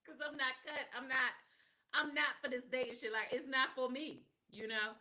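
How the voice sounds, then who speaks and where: A middle-aged woman hosts a live podcast in casual chat. Her voice sits a bit high and sounds bright and forward, and she tells her stories in a candid, sassy way. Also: steady tone, moderate pace. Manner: candid, sassy storytelling with slang and laughter. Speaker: podcast host.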